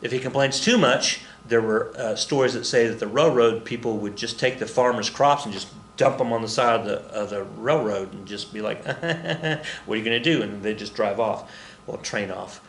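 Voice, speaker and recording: A man gives a casual recorded history lesson, rambling and joking, muttering to himself and acting out the people he quotes. His voice is medium-pitched at a moderate pace, recorded in an echoey room with slight background noise.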